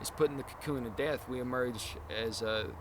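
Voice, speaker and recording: A man's voice: medium pitch, fairly quick, noisy background. A man hosting a casual podcast chat, talking in long, earnest, rambling explanations. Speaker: podcast host.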